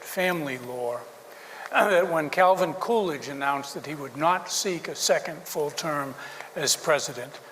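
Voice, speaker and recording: A man's voice: on the high side, a bit bright, big-room sound, a little hiss or hum, poor audio. A middle-aged man, a newspaper publisher, giving an after-dinner speech with dry jokes and hesitant fillers.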